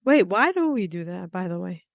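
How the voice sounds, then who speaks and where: A woman's voice: on the low side, sing-song, moderate pace, vocal fry. A woman hosting an interview, curious and eager with her follow-up questions. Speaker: podcast host. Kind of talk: interview conversation.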